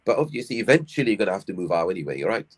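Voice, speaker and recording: A man's voice: sits low, very animated, rapid-fire, husky. Man preaching with rhetorical questions. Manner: rhetorical, asks and answers own questions. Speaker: Islamic scholar giving advice. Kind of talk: live-stream religious advice talk.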